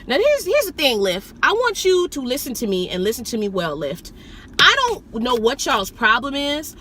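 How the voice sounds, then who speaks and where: A woman vlogging as a rideshare driver, telling a story in a profane, animated, indignant way from inside a car. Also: on the high side, slight background noise. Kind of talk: storytelling vlog.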